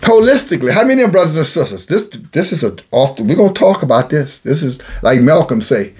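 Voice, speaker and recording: A man's voice: a little high, big pitch swings, fast, a little mellow, breathy edge. A man preaching a blunt, scolding sermon, calling himself a watchman and repeating phrases for emphasis. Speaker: self-styled watchman preacher. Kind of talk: rebuking sermon monologue.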